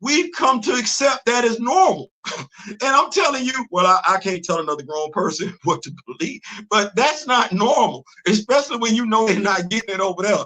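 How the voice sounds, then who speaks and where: A man hosting a casual live-stream commentary, animated and rhetorical, laughing often as he talks. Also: high-pitched, normal speed. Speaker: host.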